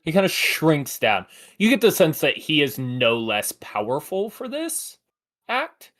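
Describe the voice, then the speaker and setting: A man running a tabletop game on a live stream, narrating with many pauses and fillers. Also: on the high side, wildly swooping pitch, fairly bright tone. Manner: hesitant, many fillers, apologetic. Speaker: game master.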